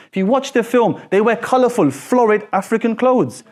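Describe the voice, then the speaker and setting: A lively, high-voiced man lectures his class at a normal speed with hardly any pauses. He repeatedly pushes students with questions such as "so what?" and "why is that important?"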